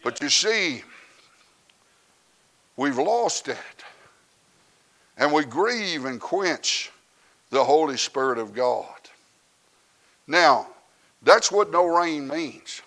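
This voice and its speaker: A man, preaching a sermon that swings from quiet asides to loud shouted preaching. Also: on the high side, expressive, extremely slow, pauses often.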